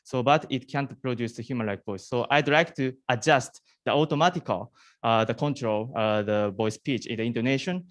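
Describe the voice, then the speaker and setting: A startup founder answering jury questions in hesitant English, full of pauses and restarts. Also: male voice, medium pitch, no echo. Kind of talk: halting non-native Q&A answers.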